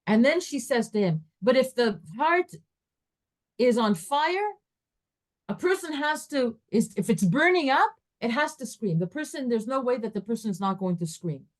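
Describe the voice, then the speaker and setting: Animated woman telling a Torah story. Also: a little high, normal speed. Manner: animated storyteller, acts out dialogue with rising and falling voice. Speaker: Torah teacher.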